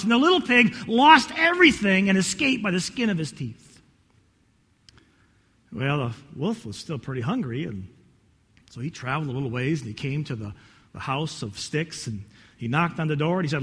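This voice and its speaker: Lively male pastor, folksy storyteller, bright high voice, echoey church hall. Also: normal speed, slightly rough. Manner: animated, folksy storyteller with many restarts. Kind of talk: sermon with storytelling.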